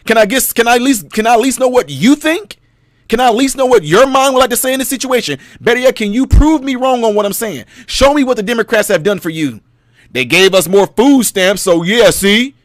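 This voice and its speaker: Animated, preachy man with a high voice. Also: no room sound, studio quality. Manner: preachy, storytelling, rhetorical questions to the audience; animated, mocking put-on voices. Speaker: commentary channel host. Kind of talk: casual monologue commentary.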